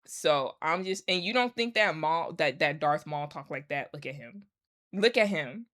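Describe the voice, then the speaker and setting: A woman's voice: deep voice, animated, moderate pace, a bit bright. A woman vlogger ranting to her followers in a casual, emphatic and sarcastic way, repeating her points. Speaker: commentary vlogger. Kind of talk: casual rant to camera.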